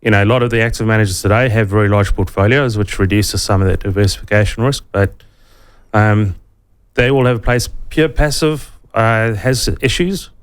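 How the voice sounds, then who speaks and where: A man with a South African accent, a financial adviser explaining investing in a relaxed way, with many ums, in a radio interview. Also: lowish voice, a little fast, clear, resonant tone.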